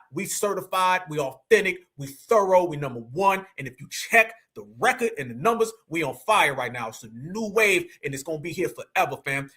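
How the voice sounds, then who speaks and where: A middle-aged man, hosting an online show with loud, energetic, slang-filled commentary. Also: on the high side. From United States. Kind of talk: animated livestream commentary.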